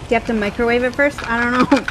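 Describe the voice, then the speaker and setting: A woman's voice: a little high, quick pace, heavy background noise. A woman co-hosting a live stream in casual chat, with a playful, teasing manner.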